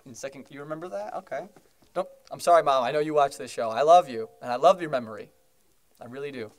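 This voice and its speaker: A man's voice: mid-range voice, fast talker. A young man co-hosting a podcast, chatting casually, rambling with many fillers and restarts and laughing often. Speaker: podcast co-host. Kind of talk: casual chat.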